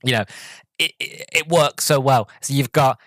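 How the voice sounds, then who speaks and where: A man hosts a podcast and gives a casual, rambling movie review, full of filler words and plenty of enthusiasm. His mid-range voice has a fairly bright tone and moves at a normal speed, with no echo.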